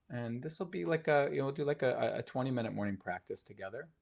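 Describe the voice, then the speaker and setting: A man teaching mindfulness on a live stream, telling a story casually with many fillers and restarts, earnest and gently encouraging. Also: medium pitch, quick pace, vocal fry, hardly any pauses.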